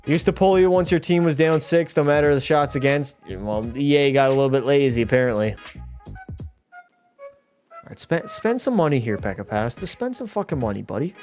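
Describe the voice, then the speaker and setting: Soft music plays behind a young man who is streaming a hockey game live and chatting with his viewers. A bit tipsy, he swears and gets worked up, speaking briskly in a slightly high voice with few pauses.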